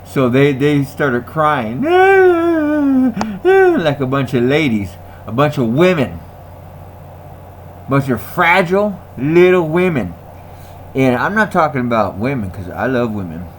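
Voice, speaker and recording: A man's voice: mid-range voice, very animated, unhurried, a little hiss or hum. A man in a casual ranting monologue who repeats himself, laughs often and talks in slang. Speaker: vlogger.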